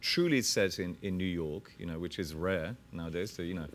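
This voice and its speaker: Animated, laughing male actor guest. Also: low voice, a little fast. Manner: animated, laughs often, self-interrupting. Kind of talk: casual interview chat.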